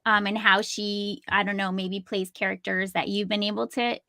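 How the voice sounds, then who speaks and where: A woman's voice: mid-range voice, level tone, moderate pace, pushed and bright, dry recording. A woman co-hosting a casual online interview, chatty and upbeat, asking rambling questions with fillers. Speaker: interview co-host.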